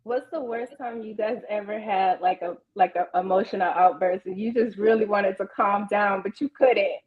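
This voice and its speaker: A woman co-hosting a casual chat, animated and dramatic, laughing often and acting out quotes. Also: mid-range voice, normal speed, husky, narrow, tinny audio. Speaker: co-host. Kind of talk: casual chat among friends.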